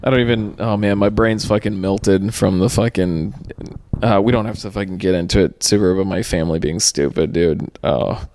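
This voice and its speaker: A man's voice: deep voice, moderate pace, a little mellow, slight background noise. A young man co-hosting a podcast, chatting loosely with lots of swearing and laughter. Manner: loose, profane, laughs often. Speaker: podcast co-host. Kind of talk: casual chat.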